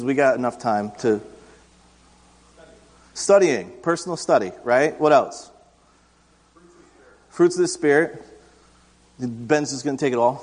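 A man in his thirties preaching in a church, his voice sitting a touch high. He talks with the congregation, asks them questions and jokes at his own expense. A long reverb tail from the sanctuary hangs after his words. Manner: conversational, self-deprecating humor, asks the room questions. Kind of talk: interactive sermon.

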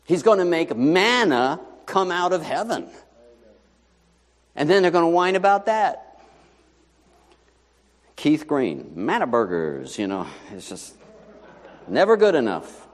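Animated preacher in an echoing hall. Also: male voice, a little high, slow pace, pauses often. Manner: conversational and animated, with rhetorical questions. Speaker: pastor. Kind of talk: sermon.

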